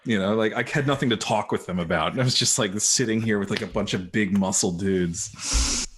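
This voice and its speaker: This man is an actor appearing as a podcast guest, and he rambles through anecdotes in a relaxed, self-mocking way. His voice sits on the low side. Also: a little fast, slightly rough. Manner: laid-back, self-deprecating storyteller. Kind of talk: casual interview chat.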